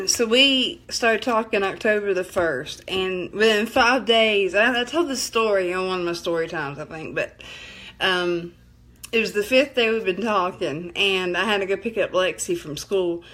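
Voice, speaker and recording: A woman's voice: mid-range voice, measured pace, fairly bright tone. A middle-aged woman, hosting a live stream, chatting casually and telling a rambling story with frequent laughs. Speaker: livestream host.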